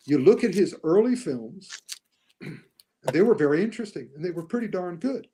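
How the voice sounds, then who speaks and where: A man talking casually as a podcast guest about films, animated, often acting out lines he quotes. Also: high-pitched, normal speed, breathy edge. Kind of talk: casual podcast movie discussion.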